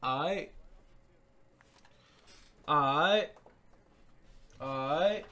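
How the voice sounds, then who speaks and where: A high-pitched man with a bright, ringing voice calls his own video game match as a gaming creator. He talks at an unhurried pace, drops to muttering, then bursts into shouts and loops his catchphrases over and over. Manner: excitable, swings between muttering and shouting; repeats catchphrases. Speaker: gaming YouTuber. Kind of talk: live gameplay commentary.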